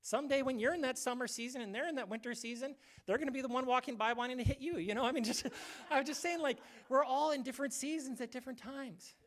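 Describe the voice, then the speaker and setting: A man's voice: very high-pitched, fast, few pauses, a bit bright. A male pastor giving a casual, conversational sermon, acting out short quoted voices now and then.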